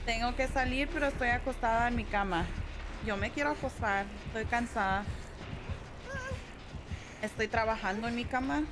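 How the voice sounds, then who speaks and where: Her voice is fairly high and a little fast, broken up by long pauses. A young adult woman live-streams a game over background music, laughing easily in relaxed chat and switching between English and Spanish to answer viewers.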